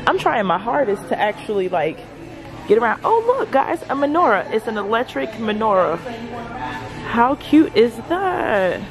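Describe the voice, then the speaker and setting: A woman's voice: fairly high pitch, normal speed, over music, crowd noise. Gushing woman shopping in a store. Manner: gushing, excitable, addresses viewers as y'all. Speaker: vlogger. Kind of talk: shopping vlog narration. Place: large store indoors.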